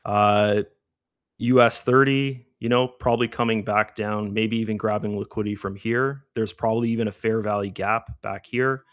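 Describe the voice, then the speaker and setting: A chatty middle-aged man talks through his trades on a live stream with a lowish voice. He keeps tossing in "right?" as he goes, and the sound is dry and close. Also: steady tone, normal speed, no room sound. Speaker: trading stream host. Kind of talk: live trading commentary.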